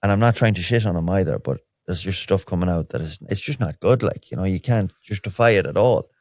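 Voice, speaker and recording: An Irish man with a very low, deep voice hosts a solo podcast, recorded dry and close. He rambles candidly and wryly, restarting his sentences often. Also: fairly quick, a little mellow, dry recording. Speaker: podcast host. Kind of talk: solo podcast, casual chat.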